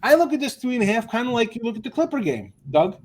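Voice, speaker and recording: A man's voice: extremely high pitch, sing-song, fast talker, slight background noise. A man with a New Jersey accent hosting a sports betting show, joking and ranting in casual chat.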